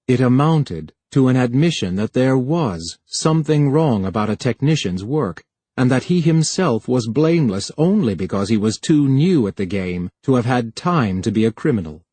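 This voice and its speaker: Brief: male audiobook reader, measured, husky timbre, dead-dry booth. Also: medium pitch, mellow, dry recording. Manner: measured storytelling. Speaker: audiobook narrator. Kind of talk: scripted narration.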